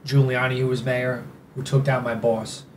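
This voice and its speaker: A man's voice: medium pitch, flat delivery, moderate pace, a little hiss or hum. New York-accented man, rambling and emphatic. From New York City. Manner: rambling and emphatic, with many "you know" and "like" fillers. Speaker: podcast guest. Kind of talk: casual interview conversation.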